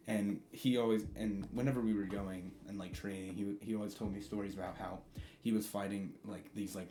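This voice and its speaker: A man's voice: fairly low pitch, darkish tone, slight background noise. A man casually telling a fan-fiction story, rambling in slang. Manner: rambling, slangy, laughs often. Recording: roomy sound with faint guitar.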